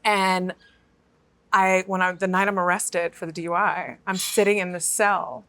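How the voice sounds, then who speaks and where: Appearing as an interview guest, a woman tells her story with animation and emotion, acting out the voices of the people she quotes. Her voice sits fairly low and moves at a measured pace, with no room sound audible.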